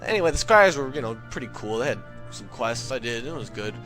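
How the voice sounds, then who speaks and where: A young man telling a comic gaming story as a rant, jumping into loud quoted voices. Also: medium pitch, fast talker, soft background music. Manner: animated, swings into shouted quoted voices. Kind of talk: comedic gamer rant.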